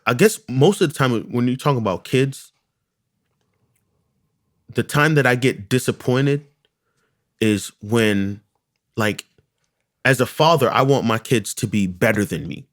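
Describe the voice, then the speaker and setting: Male, mid-pitched, loud animated talker, dry close recording. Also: measured pace, long pauses, dry recording. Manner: loud and animated, repeats himself. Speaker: podcast co-host. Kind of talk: casual chat.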